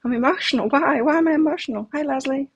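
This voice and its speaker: A woman's voice: high-pitched, fast talker, lo-fi sound. A middle-aged woman giving a live tarot reading, talking candidly and reflectively and sharing personal stories. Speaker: tarot reader.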